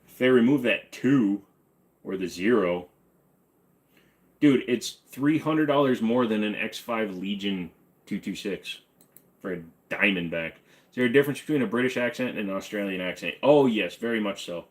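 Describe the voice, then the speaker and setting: Laid-back male streamer, low-ish voice, answers chat with dry jokes and hums between questions. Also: moderate pace. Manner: joking, offhand, hums and scats to himself. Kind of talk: casual livestream chat. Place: home room with guns on the wall behind him.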